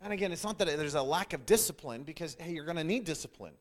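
A man's voice: a little high, lively intonation, fast talker. A man teaching a sermon-style Bible lesson, emphatic and repetitive, often restarting phrases.

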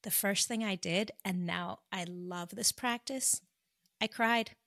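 Gravelly-voiced woman doctor as podcast guest, earnest and confessional, dry close mic. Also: medium pitch, fairly bright tone, dry recording. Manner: earnest, confessional, slows for emphasis. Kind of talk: emotional personal storytelling.

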